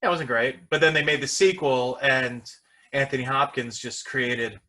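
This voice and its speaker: A man's voice: mid-range voice, fairly even intonation, moderate pace, sharp tone, slight background noise. A man hosting a podcast, chatting casually with guests and making wry, joking asides. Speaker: podcast host. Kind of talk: casual chat.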